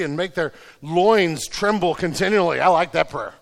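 A pastor preaching to his congregation, his fairly high voice swinging from hushed to loud and pleading. The sound carries a long hall reverb, as in a church sanctuary. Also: a little fast, hardly any pauses. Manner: earnest, swings from quiet to loud and urgent. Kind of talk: sermon.

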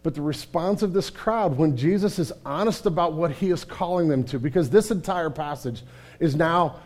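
A man preaching a sermon in a candid, conversational way, often restarting his sentences and swinging from hushed and somber to loud and animated. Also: fairly high pitch, moderate pace. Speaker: pastor.

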